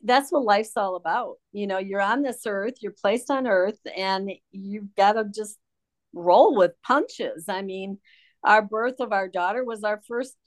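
A woman's voice: medium pitch, a little slow. Middle-aged woman from Michigan, interview guest; frank, blunt, a touch sardonic, mid-range voice. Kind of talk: candid conversational storytelling.

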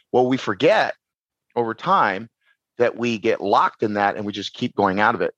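A man's voice: medium pitch, normal speed, dry recording, lo-fi sound. A man, a podcast guest who does shadow work, talking casually, rambling and restarting his sentences. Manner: rambling, repeats words and restarts, animated.

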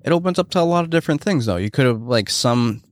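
A man's voice: medium pitch, expressive, fast. A man co-hosting a podcast in loose casual chat, rambling with lots of "like" and swearing. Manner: rambling, heavy use of "like" and swearing. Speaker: podcast co-host.

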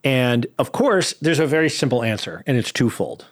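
A man's voice: mid-range voice, animated, normal speed. A man in the middle of his register, talking with a lot of lift and fall in his voice. He jokes and argues playfully about films, like a podcast co-host in easy chat. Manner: playful, argumentative, joking.

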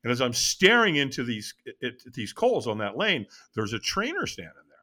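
A man tells a personal story as an interview guest, building it up dramatically. His voice is bright and swings widely in pitch. He draws the listener along through each turn of the story. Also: a little fast. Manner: animated, dramatic retelling.

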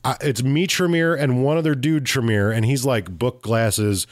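A man co-hosting a podcast, telling a game story in casual chat, animated and swearing freely. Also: medium pitch, moderate pace, no echo, studio quality. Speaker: podcast co-host.

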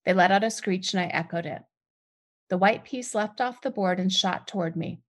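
A woman reads her own novel aloud in the first person, in a voice of middle pitch. She tells the story plainly, then lifts sharply and loudly whenever a character speaks. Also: normal speed. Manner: expressive, lifts voice sharply for dialogue. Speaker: author reading her novel. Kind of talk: first-person fiction reading.

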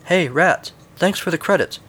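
A lonely old hermit, put on by a man reading a comic story, gets even in a wry, grudging voice pitched above his usual. He sounds petty and a little hurt. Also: moderate pace.

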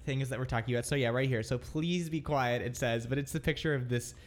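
A man's voice: mid-range voice, fast talker. A man co-hosting a radio show in casual banter, rambling and hesitant with many ums.

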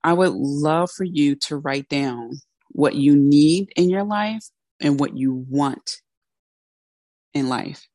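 Low-voiced woman giving direct advice. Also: takes it slowly, a little mellow, dry recording, clean studio sound. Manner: direct, candid and conversational. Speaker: podcast host and coach. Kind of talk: motivational solo talk.

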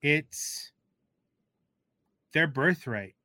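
A man from Texas speaks slowly and carefully as a radio panel guest, often restarting his sentences. His voice is bright and a little high, recorded close and dry with no room sound. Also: animated, no echo. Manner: measured, halting, with restarts. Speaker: guest food writer.

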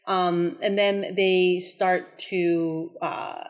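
A woman's voice: lowish voice, little pitch movement, very slow. A woman co-hosting a casual podcast, recapping a movie plot in a rambling way with many fillers.

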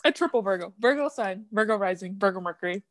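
A young woman co-hosts a podcast, chatting casually and animatedly, laughing often and acting out quotes. Her mid-range voice is fast with lively intonation, recorded with no room sound.

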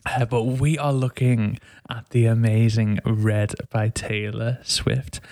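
A man's voice: mid-range voice, flat delivery, slow pace, darkish tone, no echo. A man hosting a podcast, chatting casually with enthusiasm and jokes. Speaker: podcast host. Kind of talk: casual chat.

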